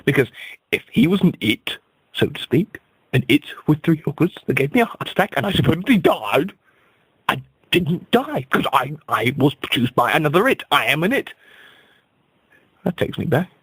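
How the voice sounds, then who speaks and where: A man's voice: on the high side, sing-song, moderate pace, fairly bright tone, breathy edge, dry recording, low-quality recording. A man doing an absurd, mock-serious comic radio monologue, rambling and stammering over his own words.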